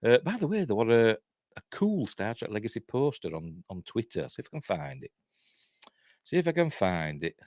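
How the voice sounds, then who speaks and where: A man's voice: lowish voice, big pitch swings, normal speed, a little mellow, dry recording, clean studio sound. A man with a Yorkshire accent hosting a live news stream, reading headlines and wandering off into chatty, self-deprecating asides with mild swearing. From Yorkshire, England. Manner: rambling and chatty, reads headlines then goes off on asides; self-deprecating, swears mildly, laughs at his own jokes.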